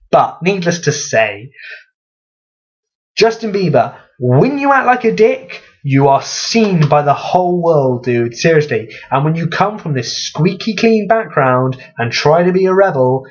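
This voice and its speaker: Sarcastic young man ranting. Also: highs cut off. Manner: sarcastic, swears freely, animated pitch jumps. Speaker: vlogger. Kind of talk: ranting comedic vlog.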